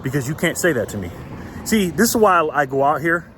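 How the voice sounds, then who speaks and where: A man from the United States rants in a loose, blunt commentary vlog. His voice sits a little high for a man and swings widely in pitch, with frequent laughs breaking into his sentences. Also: brisk, a little hiss or hum. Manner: animated, blunt and profane, laughs often mid-sentence. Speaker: political commentary channel host. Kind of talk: casual ranting commentary vlog.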